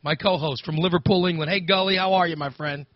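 A male radio show host, excitable and teasing, running a comedic talk show. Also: on the high side, fast talker, dry recording. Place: radio studio. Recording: slightly dull studio audio with faint music.

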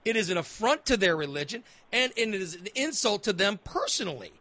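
A man's voice: high-pitched, big pitch swings, a little fast, sharp tone. A man hosting a talk radio show, arguing his point emphatically and repeating phrases as he builds his case. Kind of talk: opinionated talk radio debate.

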